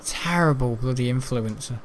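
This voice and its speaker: A man's voice: mid-range voice, normal speed, slight background noise. A man rambling chattily as host of gameplay commentary, with casual swearing and restarts. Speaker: gaming channel host.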